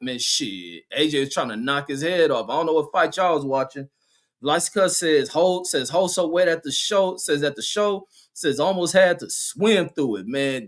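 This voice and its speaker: A man hosting a live stream, reading chat comments aloud and riffing on them with loud, profane jokes and laughter. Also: a little high. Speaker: livestream host.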